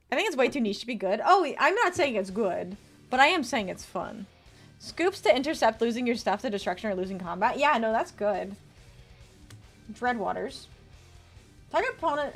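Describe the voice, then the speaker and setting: A young woman streaming casually, chatting with her viewers and reading card text aloud as she builds a deck. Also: a little high. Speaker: VTuber streamer. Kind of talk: casual livestream chat while deckbuilding.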